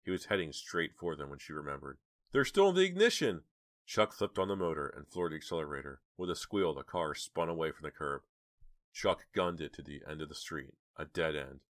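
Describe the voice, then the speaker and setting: A man narrating an audiobook with measured, dramatic storytelling. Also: very deep voice, fairly even intonation, fairly bright tone, dry recording, clean studio sound. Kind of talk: audiobook reading.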